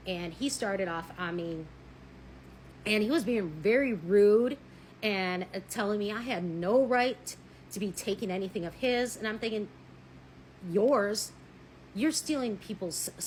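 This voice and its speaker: A woman telling a personal story in a blunt, animated way, swearing freely and acting out what people said. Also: medium pitch, slight background noise, low-quality recording. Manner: married. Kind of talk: casual storytelling.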